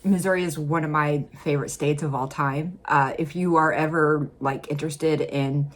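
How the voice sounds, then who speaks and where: A woman from Illinois reacting to a video in casual, chatty commentary, laughing often and jumping up in pitch when she stresses a point. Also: fairly even intonation, moderate pace, faint music behind. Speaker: reaction vlogger.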